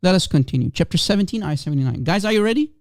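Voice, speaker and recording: A man's voice: high voice, lively intonation, rapid-fire, darkish tone, no room sound, clean studio sound. A man whose first language is Aramaic hosts a live call-in stream, talking emphatically and repeating rhetorical questions to his audience.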